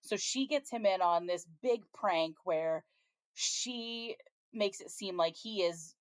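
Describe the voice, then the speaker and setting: A woman's voice: mid-range voice, slow pace, smooth, no room sound. A woman co-hosting a podcast, casually recapping a TV episode in a chatty way, with frequent ums and laughs as she retells scenes. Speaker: podcast co-host.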